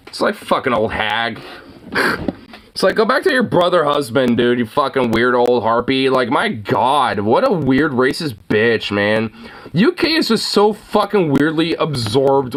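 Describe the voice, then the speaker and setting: This is a streamer, giving loose, profanity-filled commentary while reacting to clips. The talk rambles through constant filler words and mocking asides, broken up by laughter. The pitch is mid-level but swoops widely and expressively. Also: expressive, slow pace, a bit bright. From United States.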